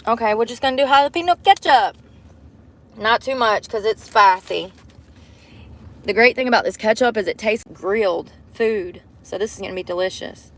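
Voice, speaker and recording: A woman's voice: fairly high pitch, moderate pace, fairly bright tone. Chatty, foul-mouthed woman streaming from her car. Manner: chatty, profane, talks straight to viewers. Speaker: live-streamer. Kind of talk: casual live-stream chat. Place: inside a parked car at a drive-thru. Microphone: phone camera.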